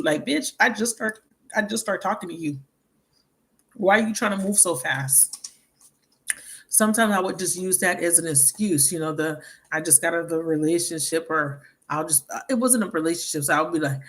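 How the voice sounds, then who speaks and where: A woman's voice: lowish voice, moderate pace, fairly bright tone. A woman tarot card reader talking in a casual, blunt and profane way, telling stories with laughs in between. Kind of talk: casual tarot reading monologue.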